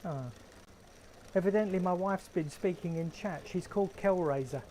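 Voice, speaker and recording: A London-accented man hosts a casual live stream from his garden shed, chatting with viewers in a wry, joking manner. His voice is high and warm at a normal speed. The recording is rough, with a little hiss or hum.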